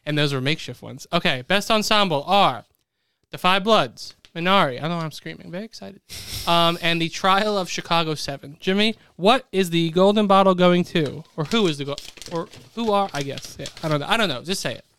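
A man's voice: high-pitched, a little fast, pushed and bright, clean tone. Playful young man hosting a podcast. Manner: playful, laughs often, reads out nominee lists. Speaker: podcast co-host announcing awards. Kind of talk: casual podcast chat.

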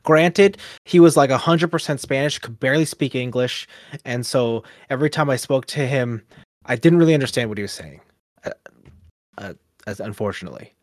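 A man rambles through a casual anecdote. He talks in a middle-pitched voice, acting out what people said. The recording is close and dry. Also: a little fast, dry recording. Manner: rambling, animated storyteller with many fillers and quoted asides. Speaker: podcast co-host. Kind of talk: casual storytelling chat.

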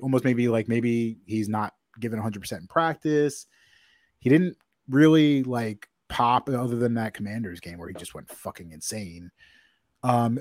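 A man's voice: mid-range voice, darkish tone, no room sound, clean studio sound. A man co-hosting a sports podcast, talking casually with lots of fillers and restarts. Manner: rambling, filler-heavy, self-correcting. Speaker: podcast co-host.

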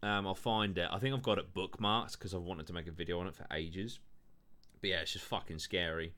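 A man's voice: low voice, fairly even intonation, brisk, bright, forceful tone. A man hosting a podcast, telling stories in loose casual chat, full of fillers and swearing. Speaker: podcast host.

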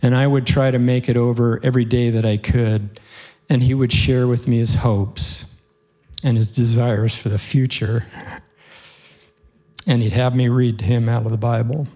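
Telling his congregation a heartfelt story, a man preaches earnestly and laughs softly from time to time. His voice is medium in pitch, level in tone, and delivered at a normal speed.

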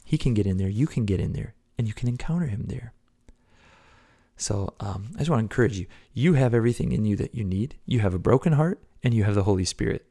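A man preaching a devotional podcast sermon, earnest, swinging between loud exhortation and hushed whispers. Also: lowish voice, lively intonation, fast.

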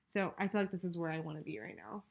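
A woman's voice: lowish voice, steady tone, fast, vocal fry, husky. A young woman from Texas co-hosting a podcast, talking casually with lots of fillers and restarts. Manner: chatty, many fillers and restarts. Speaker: podcast co-host. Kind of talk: casual chat.

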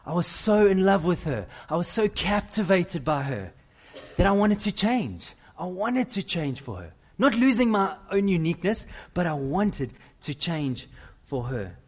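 A middle-aged man preaching a sermon, with animated, self-deprecating storytelling. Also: high voice, a little slow, husky. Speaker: pastor.

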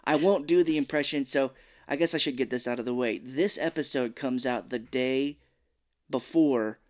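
A man co-hosting a podcast in casual chat, animated and quick to slip into voices while retelling scenes. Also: mid-range voice. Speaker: podcast co-host.

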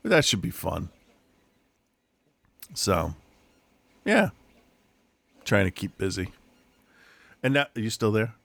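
A man's voice: on the low side, huge pitch swings, takes it slowly, creaky, long pauses, fairly bright tone, no echo. A middle-aged man, a podcast co-host, chatting casually from his room and telling stories full of restarts. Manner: rambling storyteller, frequent restarts and laughs. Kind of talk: casual chat. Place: home room.

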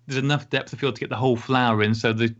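A man's voice: mid-range voice, steady tone, rapid-fire. A man co-hosting a casual podcast, chatting and joking as he reviews listener photos. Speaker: podcast co-host. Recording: dull lo-fi call audio.

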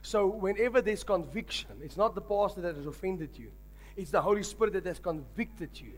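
A high-pitched man preaching a sermon as pastor. He drives points home with repetition and rising emphasis, urging the congregation to answer back. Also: fairly quick. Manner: emphatic preaching with call-and-response.

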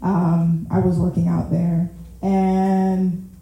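A woman's voice: on the low side, flat delivery, takes it slowly, vocal fry, mellow, lo-fi sound. A woman giving a casual, conversational sermon, chatty, calling the audience y'all and often laughing at herself. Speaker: preacher. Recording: very echoey room.

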